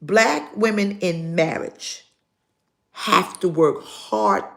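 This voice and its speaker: An older woman pastor preaching a live sermon, pausing dramatically and acting out her stories. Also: lowish voice, creaky, a bit bright. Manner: slow, preaching with dramatic pauses and acted-out stories.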